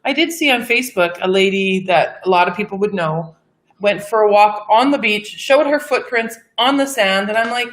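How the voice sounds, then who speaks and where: A woman co-hosting a casual live chat stream, speaking in a soft, quiet voice at an ordinary middle pitch. She chats easily with her co-host. The room has a clear echo. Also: moderate pace. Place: home in Mexico.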